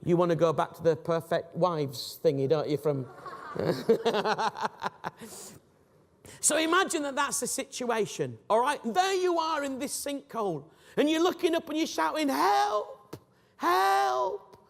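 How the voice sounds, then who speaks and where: A man giving a Christian teaching talk, animated and jokey, acting out scenes for his listeners. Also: extremely high pitch, unhurried. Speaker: Christian speaker. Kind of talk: teaching talk with acted illustrations. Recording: long reverb of a hall.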